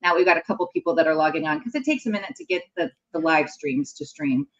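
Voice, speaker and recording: A woman's voice: on the low side, sing-song, quick pace, dull audio. A woman hosting a casual livestream talk show, rambling and chatty with lots of fillers.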